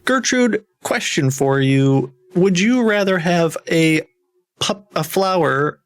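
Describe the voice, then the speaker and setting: A man's voice: a little high, takes it slowly. A young man streaming, joking playfully and laughing often as he bosses an AI around. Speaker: livestreamer. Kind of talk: casual stream banter.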